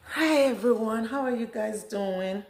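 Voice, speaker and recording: A woman's voice: on the high side, a little slow, a little mellow. A woman from Nigeria chatting casually to her viewers in a vlog, addressing them directly. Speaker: vlogger. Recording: echoey room.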